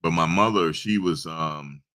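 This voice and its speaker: Very deep-voiced man rambling casually. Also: a little slow, sharp tone. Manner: rambling storytelling with many restarts. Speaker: channel host. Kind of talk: casual live-stream chat. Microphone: desktop USB microphone.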